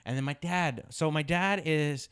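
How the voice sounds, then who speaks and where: Animated, profane podcast storyteller, man. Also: fairly high pitch, a little slow, clear, resonant tone. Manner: profane, animated, repeats himself for emphasis. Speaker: podcast co-host. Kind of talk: casual storytelling chat.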